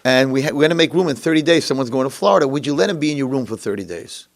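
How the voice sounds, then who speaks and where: A man's voice: medium pitch, lively intonation, very fast, vocal fry. A man doing a flustered nursing home owner. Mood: placating. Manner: hesitant, apologetic.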